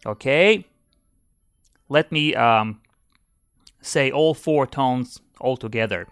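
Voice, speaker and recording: Very slow, bright-voiced male teacher. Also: medium pitch, dry recording, faint music behind. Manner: slow, deliberate, demonstrates sounds by repeating syllables. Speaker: language teacher and podcast host. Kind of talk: podcast lesson.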